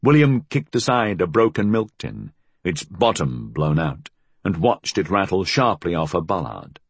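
A male audiobook narrator with a very deep, husky voice. His inflection is lively and expressive as he tells the story. The recording is dry and close. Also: measured pace, no echo.

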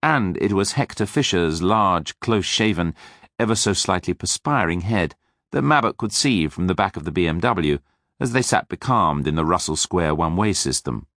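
A man narrating an audiobook in a wry, measured way. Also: sits low, lively intonation, fairly bright tone, no echo, clean studio sound. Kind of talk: scripted narration.

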